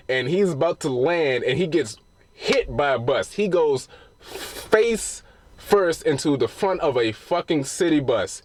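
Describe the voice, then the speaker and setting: Speaking a little slowly in a sing-song, mid-range voice, a man recaps a film's spoilers for a movie review. He's loose and profane, frequently starting his sentences over.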